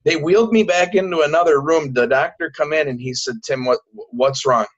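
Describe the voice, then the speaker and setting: A man telling a personal story as a guest in a casual interview, halting and repeating words, acting out what people said. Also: a little high, husky. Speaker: podcast guest. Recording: dull lo-fi recording.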